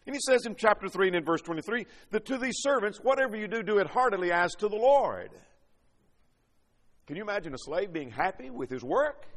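A man's voice: sits high, very animated, brisk, a bit bright, in a large hall. A man preaching a sermon, reading scripture and building points with rising and falling emphasis.

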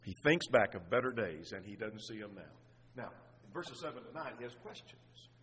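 A man's voice: fairly low pitch, animated, moderate pace, fairly bright tone, slightly rough. A man preaching an expository sermon, earnestly piling up rhetorical questions. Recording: long reverb of a large hall.

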